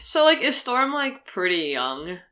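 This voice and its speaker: Animated woman rambling with laughs. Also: fairly high pitch, measured pace. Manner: rambling, laughs often, trails off with fillers. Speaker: podcast co-host. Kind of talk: casual chat.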